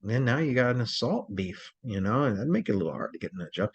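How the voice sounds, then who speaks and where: A man's voice: mid-range voice, big pitch swings, rapid-fire, vocal fry, hardly any pauses, slightly rough. A man teaching a crisis response training lecture in a rambling, conversational way, with many fillers and restarts.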